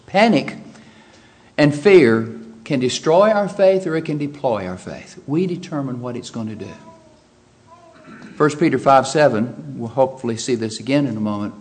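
A middle-aged man preaching a sermon, animated and vivid, jumping up in pitch when he acts out frightened voices. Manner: animated preaching, acts out quoted panic with sharp rises in pitch. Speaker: pastor.

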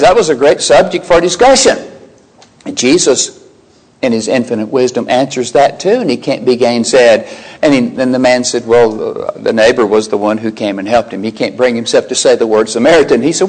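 A man, older, preaching a sermon, animated, rising sharply in pitch when quoting and exclaiming. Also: fairly quick, rough recording.

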